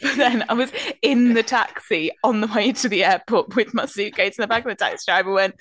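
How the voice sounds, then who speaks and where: A woman co-hosting a podcast, telling stories in casual chat, swearing and animated. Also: fairly high pitch, quick pace, dry recording, studio quality. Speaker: podcast co-host.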